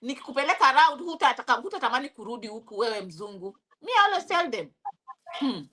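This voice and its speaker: A young woman from Kenya with a Kenyan accent, telling her story in a casual interview, animated, with many restarts and bits of Swahili. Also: high-pitched, fast talker, low-quality recording. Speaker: interview guest.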